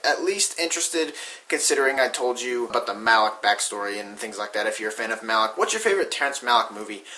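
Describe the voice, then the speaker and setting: A man's voice: medium pitch, bright, forceful tone. A young man giving a casual spoken movie review, chatty and often correcting himself mid-sentence. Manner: chatty, self-correcting, hesitant restarts.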